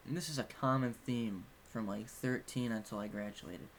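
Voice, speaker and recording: A young man talks casually about his own past, rambling from one detail to the next and swearing freely. His voice sits at an ordinary middle pitch. A faint hiss runs under the recording. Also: normal speed. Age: young adult. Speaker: vlogger. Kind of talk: casual personal storytelling.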